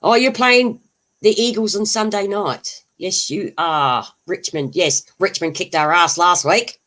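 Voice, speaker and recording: A livestream host with a sharp tone and medium pitch chats loosely and a bit slowly, laughing often as they ramble and take viewers' comments.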